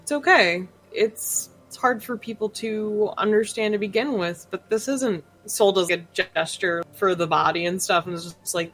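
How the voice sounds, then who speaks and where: A woman's voice: mid-range voice, normal speed, few pauses, fairly bright tone, soft background music, rough recording. A woman playing a tabletop game, narrating her character casually and laughing often. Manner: laughs often, rambling with fillers. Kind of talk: casual role-play narration.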